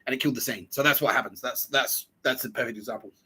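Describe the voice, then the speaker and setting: Profane rambling man, bright voice. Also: medium pitch, fast talker, husky, poor audio. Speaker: podcast host. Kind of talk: rambling solo monologue.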